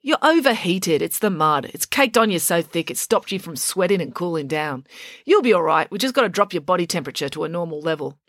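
A woman's voice: lowish voice, animated, a little fast, fairly bright tone, dry recording, studio quality. A woman voicing a bossy, upbeat young girl who barks commands.

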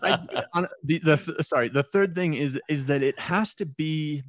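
A man's voice: a little high, normal speed, no echo. Rambling, self-deprecating male podcast guest, a bit stoned, dry close mic. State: a little stoned. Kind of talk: casual podcast chat.

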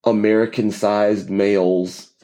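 A man co-hosting a casual podcast conversation, talking in a halting, rambling way with frequent restarts and dry jokes. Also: lowish voice, little pitch movement, dark tone. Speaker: podcast co-host.

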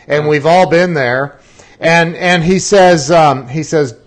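A man hosting a podcast interview, talking in halting starts and telling stories with animation. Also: a little high. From Ohio, US. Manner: halting, many restarts, animated storytelling. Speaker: podcast host. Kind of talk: casual interview chat.

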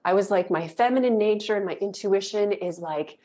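A woman telling a personal story as a podcast guest, animated and emotional, rambling and jumping into dramatic quoted voices. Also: medium pitch, normal speed. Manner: emotional and effusive. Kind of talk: casual interview storytelling.

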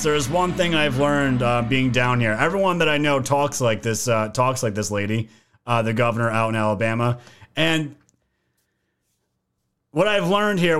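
A man's voice: fairly high pitch, fairly bright tone, clear, resonant tone. A man hosting a podcast, giving casual political commentary in a joking, profane way. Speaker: podcast host.

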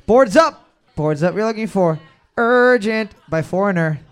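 A man hosting a trivia music round, calling out answers loudly and joking between questions. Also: high voice, lively intonation, moderate pace, clean tone. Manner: loud repeated calls of "boards up", joking asides. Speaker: trivia host. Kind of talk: casual podcast banter, running a music round.

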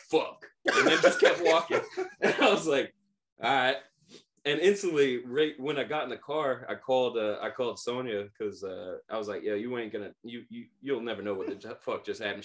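A man in his thirties co-hosting a podcast, telling a story casually, laughing often and acting out the people in it. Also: medium pitch. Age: 30s. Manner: animated, laughs often, acts out quoted voices. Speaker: podcast co-host.

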